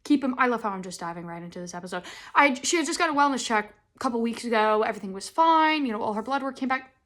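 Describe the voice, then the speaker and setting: A young woman hosting a podcast, telling stories in a rambling, animated way and acting out the quotes. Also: fairly high pitch, rapid-fire. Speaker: podcast host. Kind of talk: casual chat.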